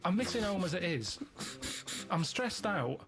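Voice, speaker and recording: A man telling meandering stories in a flat, deadpan way during casual chat. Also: high voice, a little slow. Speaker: regular on a comedy podcast. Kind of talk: casual chat, rambling anecdotes.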